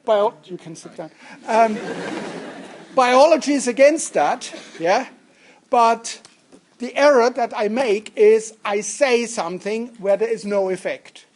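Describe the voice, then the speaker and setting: Speaking very high-pitched and taking his time, this male university lecturer teaches statistics in a lecture room. He's playful and interactive, frequently throwing questions out to the students.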